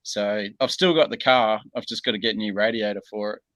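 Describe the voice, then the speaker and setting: An Australian man, a guest in a casual video-call interview, talking in a laid-back, unhurried way with plenty of pauses and ums. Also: lowish voice, steady tone, a bit bright, dry recording, poor audio.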